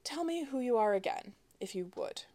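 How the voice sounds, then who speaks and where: A woman voicing a male fleet commander who questions a suspect in a polite, even, unreadable manner. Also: on the high side, moderate pace, voice pushed up, lightly acted. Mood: coolly polite. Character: calm, blank-faced male fleet commander.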